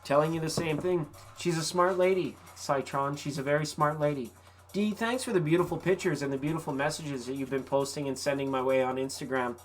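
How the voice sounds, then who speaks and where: Livestreaming from a vacation rental, a tarot reader chats with viewers in a relaxed, folksy, encouraging way, letting the occasional swear word slip. Her voice sits at medium pitch and moves a little fast over soft background music.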